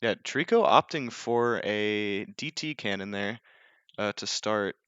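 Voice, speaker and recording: A man's voice: on the low side, slow pace, a bit bright, clean tone, no echo, lo-fi sound. A young man casting a live game, casual and joking, often self-deprecating and full of fillers. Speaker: esports caster.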